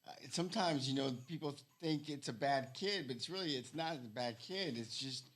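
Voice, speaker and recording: A man's voice: on the high side, normal speed, a bit bright. A man hosting a casual podcast chat, laid-back and encouraging.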